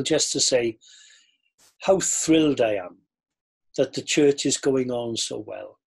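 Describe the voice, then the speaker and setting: A man's voice: medium pitch, darkish tone. A man who is a pastor, chatting as a guest in a friendly way and laughing easily. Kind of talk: casual video call chat.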